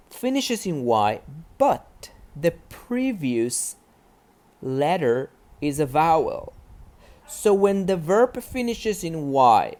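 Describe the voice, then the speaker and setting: A man's voice: a little high, a little mellow. A man teaching a grammar lesson step by step, often checking in with "right?". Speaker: English teacher.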